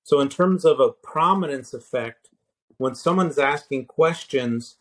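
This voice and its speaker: Male grammar teacher, mid-pitched, patient and halting explainer, slows down to spell out forms. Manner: explaining patiently, with many fillers and restarts; spells out word forms slowly. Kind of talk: conversational grammar lesson.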